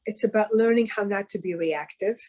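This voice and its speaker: A woman co-hosting a podcast, speaking in a calm, measured way and slowing down on key points. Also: mid-range voice, rough recording. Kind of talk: casual podcast conversation.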